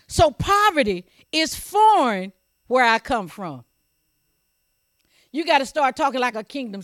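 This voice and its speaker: An emphatic preacher with a high voice, repeating key phrases and questioning the congregation. The sound is close and dry. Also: a bit bright, dry recording. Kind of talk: sermon. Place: church service also streamed online.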